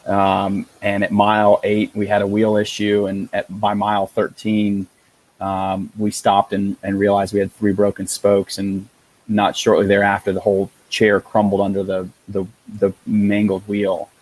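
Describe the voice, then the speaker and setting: A man in his thirties, an endurance athlete, telling a personal race story in an earnest, halting way, with many fillers and restarts. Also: fairly low pitch, completely flat delivery, darkish tone, rough recording.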